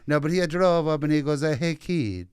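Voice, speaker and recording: A man's voice: fairly high pitch, lively intonation, a little mellow, smooth, no room sound, clean studio sound, close to an everyday voice. A man putting on a mock Italian accent, voicing a sad middle-aged Italian man who halts and fills with uh. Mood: mournful. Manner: halting, full of uh fillers, dropped articles. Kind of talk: comedic improvised storytelling.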